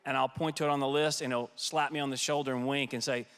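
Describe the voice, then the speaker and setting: A man on a conference panel, a former White House staffer telling lively anecdotes and acting out quoted voices. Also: mid-range voice, fast talker, clean tone. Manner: lively storyteller who acts out quoted voices. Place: conference hall stage. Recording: long hall reverb.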